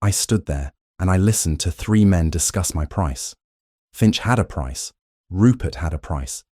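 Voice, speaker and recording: A man voicing a young woman who speaks flatly and bitterly, her voice trembling. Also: low-pitched, measured pace, no room sound, clean studio sound. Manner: flat, trembling, accusing.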